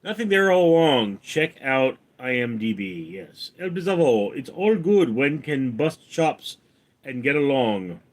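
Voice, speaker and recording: A man chats casually on his own livestream, reading viewer messages aloud. He speaks slowly, at an ordinary mid pitch. He calls each name out louder and higher, then drops back down to answer. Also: sing-song. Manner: reads out viewers' names and comments, then answers them. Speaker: streamer reading viewer chat; actor.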